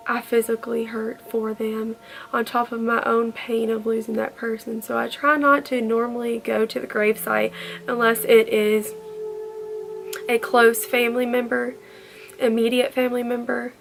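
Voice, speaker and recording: Girl telling a story, high voice with lots of fry, real heartfelt. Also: little pitch movement, normal speed. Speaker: vlogger. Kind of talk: storytime vlog.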